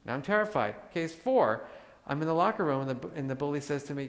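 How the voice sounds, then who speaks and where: Guy giving a lively talk to a crowd, kinda high voice, big reverby hall sound. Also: fast, few pauses. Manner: animated, joking, acts out examples. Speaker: workshop speaker. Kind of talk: live talk to an audience. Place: large hall with audience.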